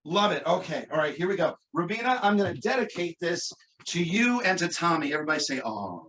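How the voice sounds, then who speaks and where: High, bright-voiced joking male magician. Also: quick pace, a little hiss or hum. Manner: playful, teasing, animated asides. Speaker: stage magician. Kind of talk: comedic storytelling magic act.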